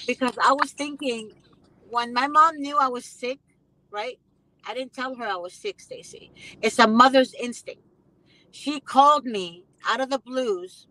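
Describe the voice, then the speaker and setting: A woman's voice: a little high, pushed and bright, dry recording, poor audio. A woman hosting a casual conversation, speaking emphatically and repeating phrases with indignation. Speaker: host.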